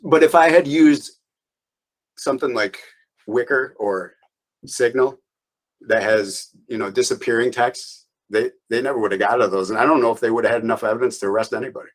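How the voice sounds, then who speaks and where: Man, interview guest, casual storytelling, rambling with restarts, mid-pitched voice. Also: brisk, low-quality recording. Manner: loose and rambling, frequent restarts and laughs.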